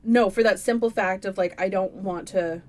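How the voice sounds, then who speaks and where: A woman co-hosting a podcast, chatting casually and telling animated stories with lots of giggling. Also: medium pitch, moderate pace, a little hiss or hum. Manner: giggly, animated storytelling with acted-out quotes. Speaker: podcast co-host. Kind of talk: casual chat. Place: podcast recording space.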